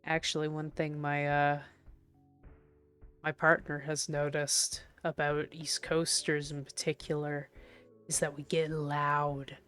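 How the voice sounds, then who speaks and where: Brief: woman art streamer, faint Prince Edward Island accent, low voice, unhurried chatty delivery, soft music behind. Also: completely flat delivery, clean tone. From Prince Edward Island, Canada. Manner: chatty, playful, repeats words to test pronunciation. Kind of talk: casual chat with stream chat.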